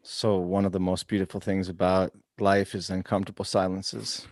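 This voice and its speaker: A man's voice: low-pitched, flat delivery, normal speed, darkish tone, no room sound. Dry, sarcastic man on a podcast. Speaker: podcast co-host. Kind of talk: casual chat.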